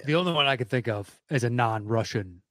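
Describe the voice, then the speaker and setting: A man's voice: mid-range voice, expressive, a little fast, fairly bright tone. A man riffs on films with dry humor, telling stories and cursing freely, in an ordinary mid-range voice. His voice is recorded close and dry, with no echo. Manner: wry, storytelling, swearing. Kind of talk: casual movie chat.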